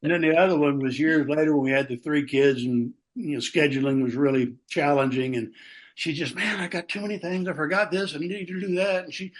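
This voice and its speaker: A man's voice: fairly high pitch, fairly even intonation, fairly quick. Folksy older man telling stories. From Texas. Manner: folksy, acts out quotes with raised voice. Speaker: pastor, podcast guest. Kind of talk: casual chat, storytelling.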